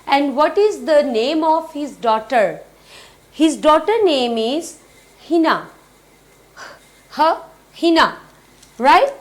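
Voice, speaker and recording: A woman teaching young children their letter sounds, speaking slowly and repeating each word. Her voice sits high, and she answers her own questions as she goes. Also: big pitch swings. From Pakistan. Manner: slow, repetitive, asks and answers own questions. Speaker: phonics teacher. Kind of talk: children's phonics lesson.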